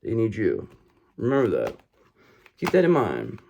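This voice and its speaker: A man's voice: lowish voice, wildly swooping pitch, unhurried, vocal fry, a little mellow, muffled recording, a little hiss or hum. A man giving a tarot reading straight to his viewers, talking emphatically, repeating himself for effect and checking in with "okay?" and "brother". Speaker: tarot reader.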